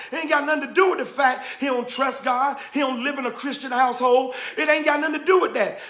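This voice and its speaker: A man who is a pastor and show host, telling a personal story in an emphatic, preacherly way that builds to shouting. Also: very high-pitched, roomy sound. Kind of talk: impassioned spoken testimony.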